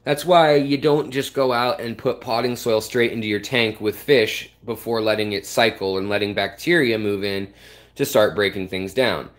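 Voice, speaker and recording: A man's voice: fairly low pitch, normal speed. A man hosting an aquarium channel, giving a loose, rambling on-camera tutorial beside his tank and pointing out its parts, with frequent fillers and restarts. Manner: shows and points at parts of the tank while explaining.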